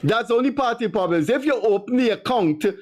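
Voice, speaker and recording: High-voiced Guyanese male talk host. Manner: animated, repetitive, quick to laugh. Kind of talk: call-in talk show.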